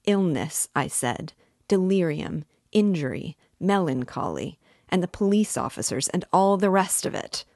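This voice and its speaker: A crafty, ironical male examining lawyer toys with his suspect in mock-friendly questions, as a woman reads him aloud. The voice sits low and moves slowly. It is recorded dry and close. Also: expressive, a little mellow, no echo. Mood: sly. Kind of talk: audiobook reading.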